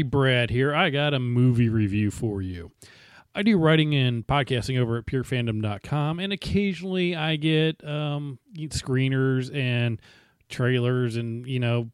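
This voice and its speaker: A man's voice: mid-range voice, no echo. Chatty man reviewing a movie. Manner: chatty, conversational with fillers. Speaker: podcast host and movie reviewer.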